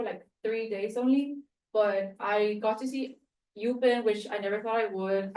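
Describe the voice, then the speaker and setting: Young woman from Mexico, student presenter, casual and self-deprecating, slightly high voice, recorded at a distance in an echoey room. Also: darkish tone. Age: young adult. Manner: chatty, filler-heavy and self-deprecating. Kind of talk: spoken end-of-year presentation. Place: room at a university.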